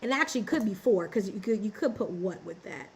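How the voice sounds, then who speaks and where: A woman's voice: mid-range voice, lively intonation, quick pace, a little hiss or hum, low-quality recording. A woman teaching a business and ministry lesson on a livestream, repeating key phrases and asking viewers to answer in the chat. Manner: repetitive, call-and-response with the chat. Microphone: livestream setup.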